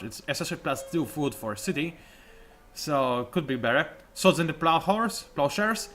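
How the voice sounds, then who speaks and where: Brief: male game commentator, lively and bright, sarcastic and rambling. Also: fairly high pitch. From Poland. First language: Polish. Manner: rambling, wry and sarcastic, with frequent "whatever". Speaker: let's play commentator. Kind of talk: casual gameplay commentary.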